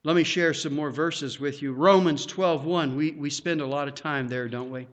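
A man's voice: on the high side, moderate pace. A man preaching a sermon, earnest and emphatic, drawing out his phrases.

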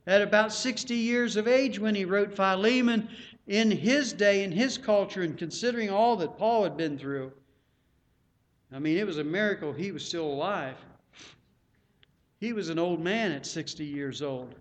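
Middle-aged male preacher, high voice, pleads and builds to loud emphatic bursts. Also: measured pace. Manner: earnest, pleading, rising to loud emphatic peaks. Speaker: pastor. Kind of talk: sermon.

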